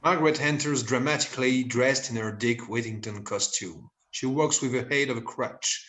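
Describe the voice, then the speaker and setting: A man's voice: medium pitch, normal speed, fairly bright tone. Man reading stage directions.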